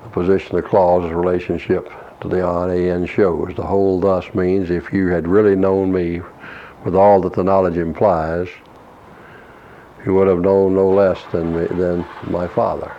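A man preaching an expository Bible lesson, reading verses slowly and explaining Greek words in a measured way. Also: low voice, little pitch movement. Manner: slow, measured reading of scripture with Greek word study. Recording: dull lo-fi recording with faint hiss.

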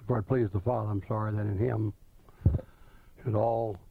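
A man preaching a sermon, reading scripture slowly and deliberately, with small restarts. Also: fairly low pitch, steady tone, vocal fry, slight background noise. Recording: tinny phone-like line, dry.

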